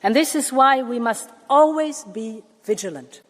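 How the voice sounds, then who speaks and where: Woman giving a measured speech in a reverberant hall. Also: on the high side, lively intonation. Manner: measured, emphatic, with deliberate pauses. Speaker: Commission president addressing parliament. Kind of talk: formal political speech. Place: large parliament chamber. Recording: long reverb of a large hall.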